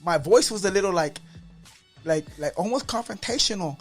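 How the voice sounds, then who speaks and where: A man as a podcast guest telling a story in an animated, excitable way, often repeating his words. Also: high-pitched, normal speed, faint music behind.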